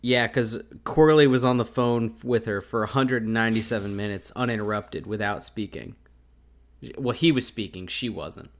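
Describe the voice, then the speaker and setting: A man's voice: fairly low pitch, moderate pace. A man co-hosting a podcast, recapping a TV episode in casual chat, laughing often and swearing freely. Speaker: podcast co-host.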